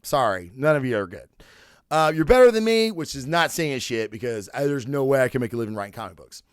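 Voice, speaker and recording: A man's voice: mid-range voice, sing-song, clear, resonant tone, no room sound, studio quality. A man hosting a comic book review podcast, talking in a loose, profane, joking way and acting out scenes. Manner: loose, profane, jokey, quick to act out scenes. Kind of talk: casual comic review chat.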